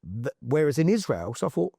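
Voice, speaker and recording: A man with a lively, swooping delivery and a slightly raised pitch tells his story emphatically, with plenty of slang. The recording is dry and close, with no room sound at all. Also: brisk, creaky, husky, no echo. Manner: emphatic, slangy, tag questions like "yeah?". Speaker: interview guest. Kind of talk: animated personal storytelling in conversation.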